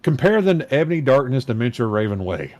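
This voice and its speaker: A man's voice: mid-range voice, sing-song, fast, a little mellow, no room sound. A man co-hosting a podcast, chatting casually in a rambling, self-mocking way. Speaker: podcast co-host. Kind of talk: casual chat.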